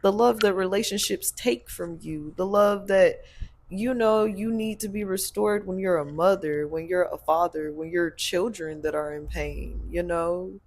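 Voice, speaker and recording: Gravelly-voiced blunt woman host. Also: on the low side, unhurried, a little hiss or hum. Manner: blunt, preachy, laughs often. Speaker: podcast host and spiritual practitioner. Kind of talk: casual chat.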